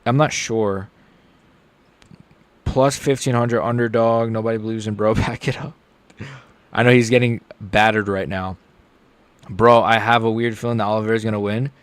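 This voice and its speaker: A young man streaming a live reaction to fights, chatting casually and getting loud and excited when something big happens. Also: moderate pace, pauses often, clear, resonant tone, dry recording. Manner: casual, excitable, shouts with rising pitch at big moments.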